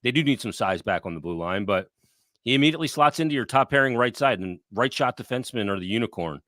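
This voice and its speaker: A man co-hosting a podcast, talking sports in a blunt, profane, animated way. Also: medium pitch, fast, no room sound, studio quality. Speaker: podcast co-host. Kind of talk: casual sports talk.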